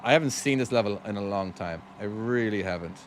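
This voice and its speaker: A man with a Cork Irish accent softened by years in America, chatting casually with viewers and thanking them while he plays a trucking game on a live stream. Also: on the low side, fairly quick, noisy background. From Ireland.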